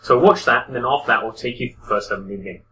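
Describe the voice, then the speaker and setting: A man with a bright, forward voice talks through a game in a loose, conversational review. He is critical and often stops and restarts mid-sentence. He sits a little back from the mic, with a faint hiss underneath. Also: medium pitch, very fast, far from the mic, low-quality recording. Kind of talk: casual commentary over gameplay.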